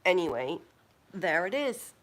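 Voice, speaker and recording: A woman hosting a live stream in a relaxed, casual way, recommending foods and telling stories. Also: on the low side, a little slow.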